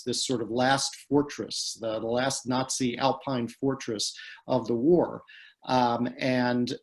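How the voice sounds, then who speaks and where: Man telling a story with many ums. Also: medium pitch. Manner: hesitant, many fillers and restarts. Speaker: guest speaker. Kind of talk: storytelling talk on a video call. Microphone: video call.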